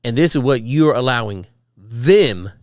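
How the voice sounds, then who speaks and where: A man's voice: a little slow, no echo. A man hosting a casual chat, swearing freely and mixing short replies with stories, on a close, dry mic. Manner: lively swings in pitch, short back-channel replies, swears freely. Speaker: podcast host.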